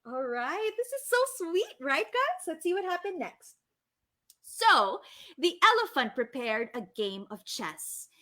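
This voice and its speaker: A Filipino woman reading a story aloud live for children, animated and gushing, often asking the kids questions. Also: extremely high pitch, slow. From Philippines.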